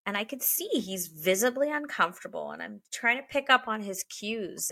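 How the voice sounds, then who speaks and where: A woman co-hosting a podcast in casual chat, candid and quick to get emotional, swearing freely. Her voice is bright and gravelly with plenty of fry, and she takes her time. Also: mid-range voice. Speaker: podcast co-host.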